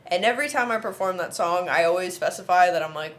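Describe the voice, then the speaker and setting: A woman's voice: lowish voice, quick pace. A young woman from Oman in her twenties, telling a personal story on a casual podcast chat and acting out the quotes. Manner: animated storyteller who acts out quotes. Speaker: podcast co-host and musician.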